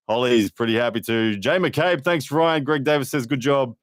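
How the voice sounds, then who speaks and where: A man's voice: medium pitch, normal speed, hardly any pauses, no room sound, studio quality. A man hosting a casual live stream, chatting to viewers and reading out their comments with frequent fillers. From Australia. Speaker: livestream host and arm wrestler.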